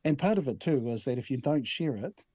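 A man in his sixties with a New Zealand accent, talking in an easygoing, storytelling way and often restarting his sentences. His voice is mellow and sits at a middle pitch. It sounds close and dry, with no room echo. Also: animated, a little fast, slightly rough. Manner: easygoing storyteller, frequent restarts, says "bro" and "right?". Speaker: head of a national language commission. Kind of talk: relaxed conversational interview.

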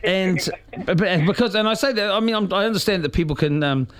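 A man's voice: high voice, brisk, a bit bright, clear, resonant tone. A man hosting a casual radio chat, playful and rambling with many restarts. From New Zealand. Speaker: radio host.

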